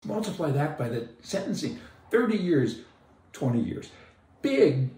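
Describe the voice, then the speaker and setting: A folksy man delivering a sarcastic, opinionated monologue with heavy emphasis. His voice sits a little high for a man. It is recorded from a distance, in a room that echoes noticeably. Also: very animated, measured pace, mellow. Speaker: political commentator. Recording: roomy, distant mic.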